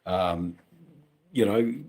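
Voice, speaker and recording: Laid-back Aussie bloke, low voice. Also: male voice, extremely slow, a little mellow. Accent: Australian. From Western Australia. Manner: rambling and laid-back, many ums, casual swearing. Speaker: motorcycle channel host on a live stream. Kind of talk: casual live-stream chat. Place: at home.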